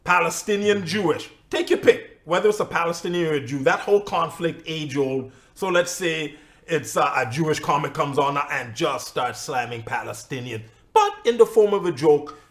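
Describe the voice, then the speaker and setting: A man's voice: fairly high pitch, normal speed. A man co-hosting a casual podcast discussion, arguing his point and acting out quotes as he talks. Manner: animated, argumentative, acts out quotes. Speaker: podcast host.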